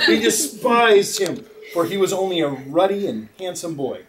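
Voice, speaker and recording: A woman's voice: fairly low pitch, sing-song, moderate pace. A woman reading a story aloud to a class, laughing often and coaching the actors. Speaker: teacher and narrator. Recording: distant mic in noisy classroom.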